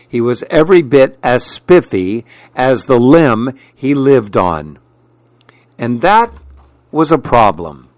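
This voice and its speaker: Slow, expressive man reading a storybook. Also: mid-range voice, no room sound. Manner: slow, expressive read-aloud.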